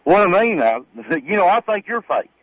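A man's voice: high voice, very animated, moderate pace, no room sound, highs cut off. A man calling in to a radio show, hesitant and full of fillers. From Alabama. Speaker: caller.

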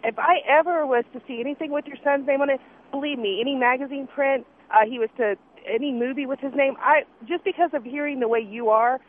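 A woman's voice: high voice, fast, slight background noise. A woman calling in to a radio talk show, indignant and talking over others. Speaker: caller. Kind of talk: radio call-in. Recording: tinny phone line.

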